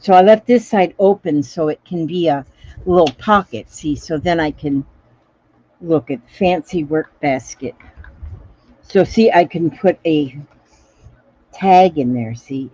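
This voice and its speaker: A woman's voice: deep voice, warm tone, no echo, muffled recording. A woman chatting casually through a crafting livestream, repeating little phrases to herself as she works. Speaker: craft vlogger reading live comments.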